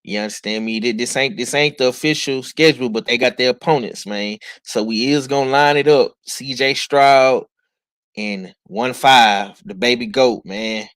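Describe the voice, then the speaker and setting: A man's voice: mid-range voice, normal speed, a bit bright, clean tone, no room sound. A man hosting a casual sports chat, laid-back and drawling, often repeating himself. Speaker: host.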